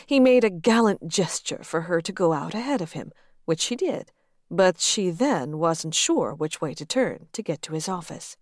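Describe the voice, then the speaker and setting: A woman reading a romance novel aloud in a steady, expressive narration. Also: on the low side, normal speed, no room sound, studio quality. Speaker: audiobook narrator.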